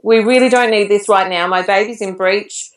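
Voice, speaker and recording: A woman in her thirties recounts a personal ordeal on a podcast, chatty and quick to laugh. She sits back from the microphone, and her voice carries a roomy echo. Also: mid-range voice, fairly even intonation, far from the mic. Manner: chatty, laughs while telling a frightening story. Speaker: podcast guest. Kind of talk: personal story in an interview.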